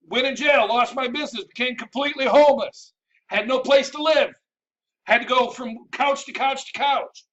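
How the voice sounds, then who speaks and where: A man's voice: very high-pitched, sharp tone, distant mic, highs cut off. A man hosting his own show, giving a blunt, mocking motivational rant from his home office. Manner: brash, mocking, jokey put-on accent. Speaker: host.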